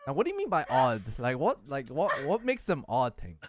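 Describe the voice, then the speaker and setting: A man's voice: medium pitch, wildly swooping pitch, a little fast, background noise. A man hosting a casual chat, rambling and repeating himself, swearing and laughing often. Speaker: podcast host.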